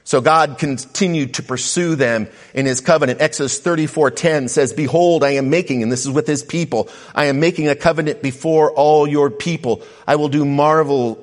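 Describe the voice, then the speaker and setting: A man's voice: on the high side, moderate pace, hardly any pauses. A man preaching a sermon as a pastor, reading scripture passages aloud and then restating them with emphasis. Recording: reverberant hall.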